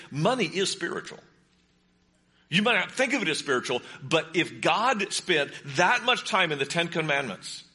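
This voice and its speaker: A man's voice: fairly high pitch, bright, forceful tone. A pastor preaching a sermon in a conversational way, asking his congregation questions. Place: church sanctuary with congregation.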